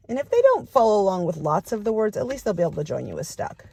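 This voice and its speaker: A woman's voice: mid-range voice, sing-song, fast, vocal fry, few pauses, mellow, slightly rough, dry recording. A middle-aged woman, a storytime librarian, demonstrating a picture-book read-aloud for young children and inviting them to call out sound words.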